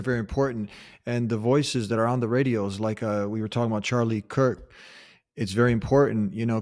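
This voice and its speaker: A man's voice: medium pitch, a little mellow. A man hosting a podcast, speaking in a casual, conversational way with fillers. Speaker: podcast host. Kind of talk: casual interview chat.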